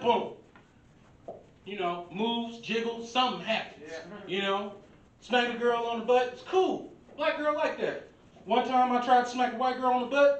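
A man in his thirties from the American Midwest, doing a loose, profane, conversational stand-up set at an open mic in a bar. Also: very high voice. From Milwaukee, USA. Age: 30s. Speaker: stand-up comedian. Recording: roomy bar echo, distant mic.

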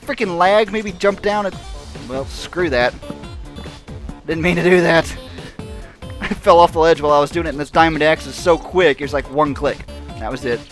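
A man's voice: fairly high pitch, normal speed, long pauses, soft background music. A man giving casual, rambling gameplay commentary, mocking himself and laughing often. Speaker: gaming channel host.

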